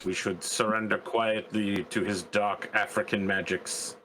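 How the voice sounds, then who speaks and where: A man's voice: lowish voice, level tone, measured pace, a bit bright, a little hiss or hum, low-quality recording. A man voicing a pompous, bluffing English adventurer in a faked Southeast London accent. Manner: breezy, condescending, chummy phrases.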